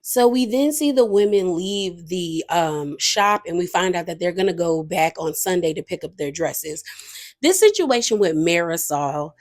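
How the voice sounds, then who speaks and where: A woman's voice: fairly low pitch, lively intonation, moderate pace. Chatty woman recapping reality TV. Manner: chatty, opinionated, frequent "like" and "um" fillers. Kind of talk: casual episode recap and commentary.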